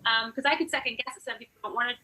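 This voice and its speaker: Bright, husky, animated woman. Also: on the high side, racing, rough recording. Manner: animated, acts out quotes in different voices. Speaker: burlesque performer and teacher. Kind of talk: casual podcast interview.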